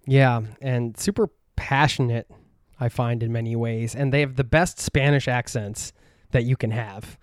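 A man hosting a podcast, asking questions in a relaxed, easygoing way. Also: medium pitch, unhurried, clear, resonant tone, no echo, studio quality. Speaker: podcast host. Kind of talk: casual interview chat.

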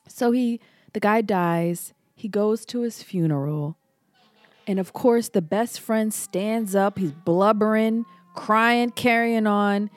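A young adult woman co-hosts a podcast, telling stories in casual chat and animatedly acting out the quoted lines. Her voice is a little high and she takes it slowly, with studio-quality sound and no echo.

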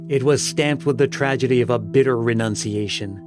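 A man narrates a dark tale in a measured, solemn way at a middling pitch. Clear music plays behind his reading. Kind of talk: audiobook narration.

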